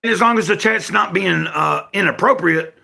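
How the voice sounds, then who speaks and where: A high, gravelly, pushed and bright voice at normal speed belongs to an older man from Tennessee. Speaking with a Southern accent, he hosts a livestream from home, chatting casually in a rambling, folksy, self-correcting manner.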